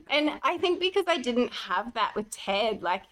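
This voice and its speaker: A woman's voice: fairly high pitch, slow, low-quality recording. A pregnant woman, co-hosting a podcast and chatting casually, acting out the voices in her stories. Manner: animated storyteller, acts out quoted voices. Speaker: podcast co-host. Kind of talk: casual chat.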